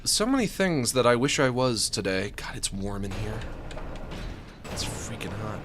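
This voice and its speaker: A man's voice: medium pitch, very animated, normal speed, fairly bright tone, slight background noise. A man streaming a game, rambling and joking, with panicky yelps when chased. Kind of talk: let's play commentary.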